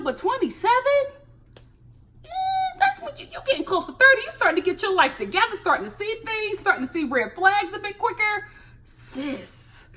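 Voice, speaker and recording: A young American woman with a high, bright voice and a pitch that swings widely. She reviews a reality show in a sassy, animated way and laughs often. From United States. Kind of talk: casual reality TV commentary.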